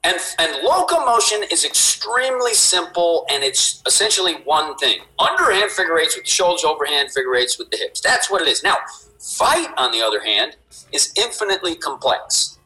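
On a rough recording, a male fitness inventor appears as a podcast guest, speaking at a normal pace in a higher voice. His explanation of movement is animated and heavily stressed, laced with swearing and repeated "right?" tag questions.

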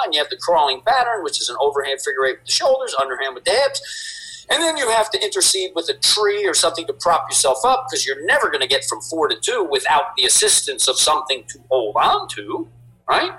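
Hyped-up guy preaching about movement, tosses in "right?" all the time, bright voice. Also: high-pitched, low-quality recording. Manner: animated, emphatic, swears, repeats "right?". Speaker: guest, fitness inventor. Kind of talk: energetic podcast explanation.

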